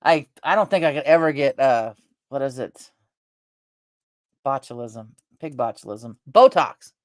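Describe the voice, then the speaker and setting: A middle-aged woman rambling through family stories in a casual, animated vlog chat. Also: a bass voice, a little slow, dry recording, studio quality. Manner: rambling, animated, talks with her face. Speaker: vlogger.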